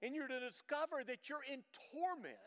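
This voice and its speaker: An older man preaches in a high voice, emphatic and folksy, leaning on homespun stories. His sermon rings out with the long reverb of a large church hall. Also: very animated, moderate pace, a bit bright. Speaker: pastor. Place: church sanctuary.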